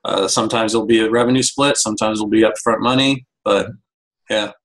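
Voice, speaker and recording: A man's voice: fairly low pitch, fairly even intonation, fairly quick, rough recording. A man, a guest in a casual interview, summing things up and agreeing emphatically.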